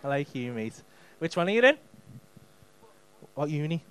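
A man's voice: on the high side, big pitch swings, normal speed, slight background noise. A male stand-up comedian, doing sweary, mock-exasperated crowd work on a comedy club stage.

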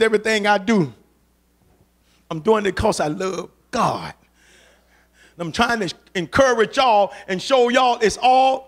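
High-voiced fervent male preacher. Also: a bit bright. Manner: fervent, urging the congregation in call-and-response; colloquial, repeats phrases for emphasis. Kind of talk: sermon.

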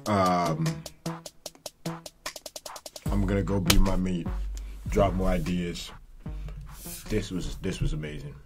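A man's voice: sits low, fairly even intonation, slow pace, pauses often, over music. A man hosting a reaction video, talking casually and profanely to his viewers. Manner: laid-back, profane, chatty.

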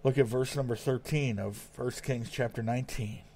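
A man's voice: mid-range voice, steady tone, moderate pace, darkish tone, breathy edge. A man preaching a sermon in an earnest way, reading verses aloud and often repeating words as he goes.

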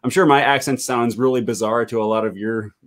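A man hosting a casual chat, relaxed and curious, with many fillers. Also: mid-range voice, a little fast. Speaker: host. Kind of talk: casual video call chat.

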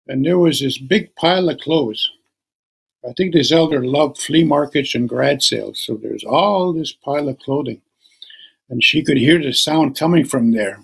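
A middle-aged man telling a traditional story in an unhurried, conversational way. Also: mid-range voice, creaky, husky. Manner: unhurried, conversational, with many you-knows. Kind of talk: oral storytelling.

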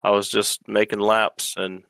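A rueful male game contestant talks about his loss. His voice is very deep and gravelly. It still comes through smooth and resonant, with a dry, close sound. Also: flat delivery, a little slow, a bit bright, no room sound. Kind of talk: casual chat.

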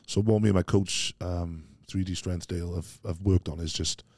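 A man talking as a podcast guest, telling rambling, animated stories and dropping "mate" into almost every sentence. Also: low-pitched, normal speed, dry recording, clean studio sound. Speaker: podcast guest, strongman athlete. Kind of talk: casual interview chat.

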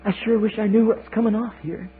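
A man voicing a whiny, frightened young male eaglet, pleading in a high childlike wail on an old sermon tape. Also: fairly even intonation, a little fast, close to an everyday voice. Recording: tinny lo-fi sermon tape with hiss.

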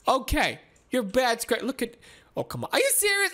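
A woman giving excitable, giggly commentary while playing through a game, with frequent exclamations. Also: mid-range voice, moderate pace. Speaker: gaming video host. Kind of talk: playthrough commentary.

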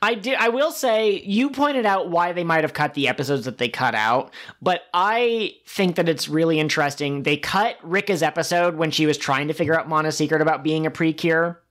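A man's voice: a little high, moderate pace, hardly any pauses, a bit bright. A man co-hosting a podcast, enthusiastically recapping an episode and acting out quoted lines. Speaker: podcast co-host. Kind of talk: casual chat.

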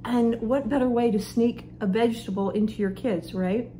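A woman's voice: a little high, fairly even intonation, moderate pace, dark tone, a little hiss or hum. A middle-aged woman, chatting homey and friendly to viewers as she shows a recipe in her kitchen. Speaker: cooking show host. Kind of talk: casual cooking demonstration. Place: home kitchen.

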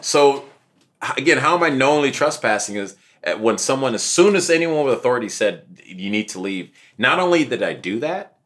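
A young man, an interview guest, telling his story in a casual, animated way and acting out what others said. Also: medium pitch, brisk. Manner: animated, acts out quotes of others.

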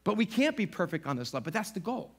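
A middle-aged man pastor preaching a sermon in a church, animated and acting out little voices as he talks. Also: high-pitched, fast talker, creaky, slightly rough. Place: church sanctuary.

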